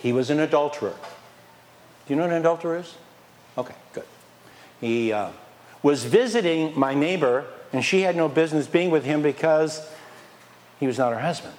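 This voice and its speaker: A man preaching a sermon as pastor, lively and conversational, firing questions at the congregation and dropping from loud emphasis to near whispers. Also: a little high, normal speed, long pauses. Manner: animated, questions the congregation, swings from loud to quiet; playfully mocks excuses in a whiny put-on voice.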